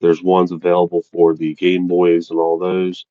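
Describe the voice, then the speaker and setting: Deep dark-voiced man, halting. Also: completely flat delivery, no room sound, dull audio. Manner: rambling, halting restarts. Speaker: podcast co-host. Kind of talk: casual chat.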